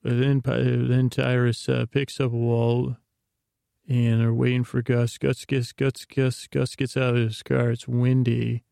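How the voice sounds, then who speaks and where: A man's voice: medium pitch, completely flat delivery, takes it slowly, gravelly, dark tone, smooth, no room sound, studio quality. A man hosting a sleep podcast, retelling a TV episode in a meandering bedtime ramble full of restarts and asides. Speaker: podcast host.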